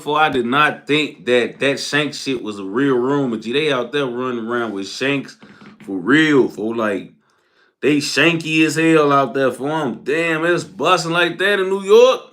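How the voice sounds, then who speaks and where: With a slightly high voice, a young man spins an animated, profane storytime packed with street slang. He laughs as he goes and acts out other people's lines.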